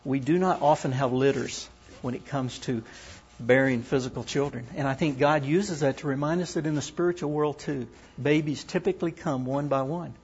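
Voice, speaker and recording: Husky earnest man giving a talk. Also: medium pitch, steady tone, a little mellow. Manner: earnest, reads scripture and poems aloud with pauses. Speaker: ministry worker. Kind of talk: sermon-style teaching talk. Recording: dull lo-fi recording.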